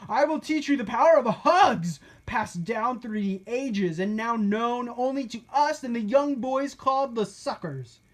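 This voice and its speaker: Woman putting on a lofty male hug-fighter, high and booming, storybook hero. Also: a little slow, few pauses. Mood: solemn. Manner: declaiming, booming. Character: male hugging warrior, solemn and grand. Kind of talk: storybook reading.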